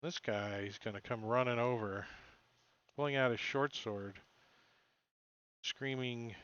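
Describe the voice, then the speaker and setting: Dm guy narrating combat, bright edgy voice, kinda muffled, cusses a lot. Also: medium pitch, fairly even intonation, slow, clean tone, dry recording. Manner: casual, swearing, laughing often. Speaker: dungeon master. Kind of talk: narrating a tabletop game.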